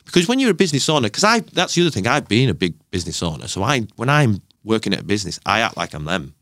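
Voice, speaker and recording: Male podcast guest, low lively voice, animated storyteller. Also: rapid-fire, no room sound, clean studio sound. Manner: animated storyteller, acts out quoted exchanges. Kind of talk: casual podcast conversation.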